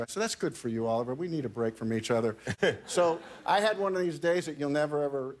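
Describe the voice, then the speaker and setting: A man, a talk show guest, telling a long anecdote in casual chat, halting and often repeating words as he goes. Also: on the high side.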